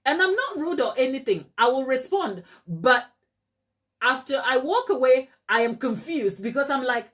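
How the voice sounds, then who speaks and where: Woman host with a fairly high voice, animated storyteller, chatting live from her kitchen. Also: moderate pace. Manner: chatty, animated, acts out others' lines in a high voice. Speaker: cake maker and channel host. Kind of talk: casual live-stream storytelling.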